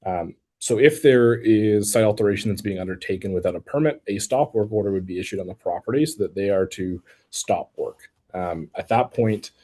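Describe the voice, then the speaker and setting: Low, dark-voiced man explaining a bylaw. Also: brisk, few pauses. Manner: careful, technical, with frequent restarts and "um"s. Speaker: city staff member answering public questions. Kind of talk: explanatory answers at an online public meeting.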